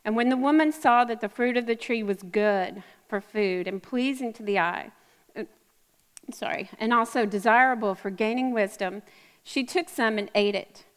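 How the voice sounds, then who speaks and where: A woman giving a sermon to a live audience, reading scripture and chatting with asides and quick self-corrections. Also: a little high. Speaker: women's ministry speaker. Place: church or event hall with a live audience. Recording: echoey hall.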